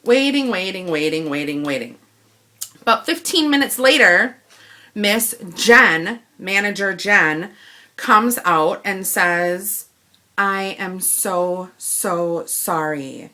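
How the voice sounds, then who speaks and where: A woman's voice: medium pitch, slow. A woman from Wisconsin, telling a shopping complaint story and acting out both sides of the conversation. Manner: animated retelling, acting out both sides of the dialogue. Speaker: vlogger. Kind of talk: ranting story to camera.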